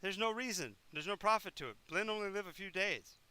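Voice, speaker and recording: A man's voice: high-pitched, animated, a little fast, bright, forceful tone, clear, resonant tone, pitched above the performer's own voice, heavily acted. A man voicing a grandiose, scheming undead lich who swings between villainous boasts and sheepish apologies. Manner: melodramatic villain proclamations, then sheepish backpedaling.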